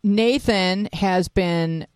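A woman's voice: mid-range voice, extremely slow, a little mellow, clean tone, no room sound. A woman hosting a casual talk show, teasing guests and steering the conversation. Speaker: host.

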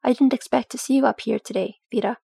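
A proud dwarf noblewoman speaks in a tight, restrained manner, read by a woman. Her voice is gravelly and husky, and it sounds close and dry. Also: on the high side, fairly even intonation, quick pace, dark tone, no echo, heavily acted.

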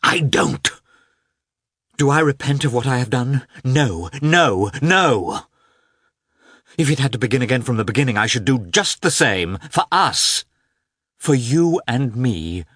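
A man's voice: mid-range voice, expressive, takes it slowly, fairly bright tone, slightly rough, no echo, clean studio sound, voice pushed up, full character voice. A man voicing a passionate, defiant young noblewoman who pleads and insists with great feeling. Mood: impassioned. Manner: impassioned, pleading.

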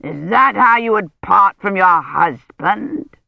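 A woman narrator voicing a domineering, menacing medieval knight who speaks slowly and possessively. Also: mid-range voice, expressive, creaky, no room sound, heavily acted. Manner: slow, possessive, commanding. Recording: dry, dull lo-fi audiobook recording.

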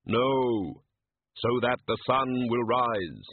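A man voicing Death, a solemn skeletal figure who speaks in slow, measured pronouncements. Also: medium pitch, animated, breathy edge, heavily acted. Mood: grave. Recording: narrow phone-like sound.

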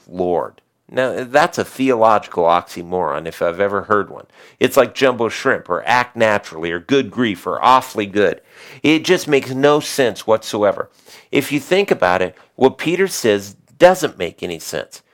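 A middle-aged man delivers a sermon from the pulpit, his voice sitting a little low. He preaches with emphasis, climbing on key lines and sinking to soft, quiet asides. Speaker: pastor.

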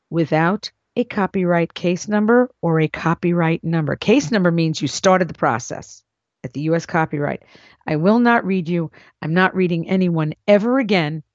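A woman's voice: on the low side, dry recording. A woman hosting an advice show in a casual monologue, blunt and emphatic, her voice swooping up into exclamations. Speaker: podcast host and script consultant. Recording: dull lo-fi dry recording.

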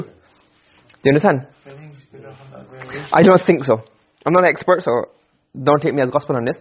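Male grammar teacher, high husky voice, lo-fi room recording, lecturing and quizzing students. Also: brisk, long pauses. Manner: explains step by step, quizzes the class with questions. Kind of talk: classroom lecture.

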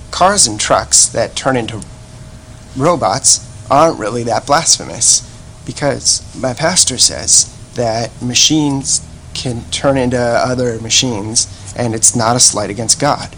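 A man's voice: mid-range voice, measured pace, fairly bright tone, a little hiss or hum. A man playing a naive, earnest churchgoing young man who rambles defensively in a comedic fan sketch.

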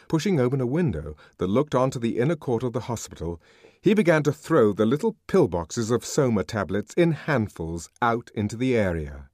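Brief: male narrator, dramatic reading, pitch swinging wildly, dry close sound. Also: big pitch swings, moderate pace, darkish tone, no echo. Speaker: audiobook narrator. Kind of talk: scripted narration.

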